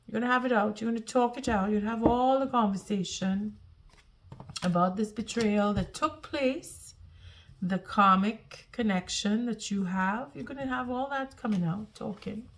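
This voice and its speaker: A woman's voice: fairly high pitch, normal speed, a little hiss or hum. Earnest woman giving a tarot reading. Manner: earnest, reassuring, repeats and restarts phrases. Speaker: tarot reader.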